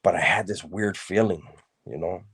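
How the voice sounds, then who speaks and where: A man with a very low, deep voice recounts his own past in an unhurried, conversational way. He talks loosely, leaning on street slang and often repeating himself as he goes. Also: gravelly, fairly bright tone, breathy edge. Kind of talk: casual spoken storytelling.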